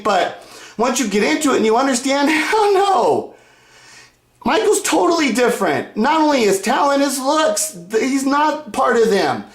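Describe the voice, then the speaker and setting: A man ranting angrily at his followers in a video, profane and combative, swinging between loud outbursts and low muttering. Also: reverberant. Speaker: YouTuber. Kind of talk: angry video rant to fans.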